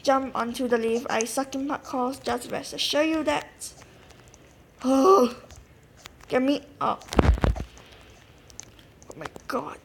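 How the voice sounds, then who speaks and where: A woman giving casual, excitable commentary while playing a game, talking to her viewers and often gasping. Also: sits high, takes it slowly, gravelly, long pauses, a little hiss or hum. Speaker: gameplay narrator.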